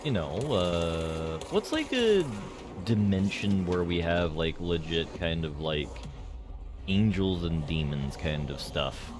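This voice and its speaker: Deep-voiced rambling male streamer. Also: lively intonation, slow pace. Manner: rambling, filler-heavy. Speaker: game streamer. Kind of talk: casual live-stream commentary.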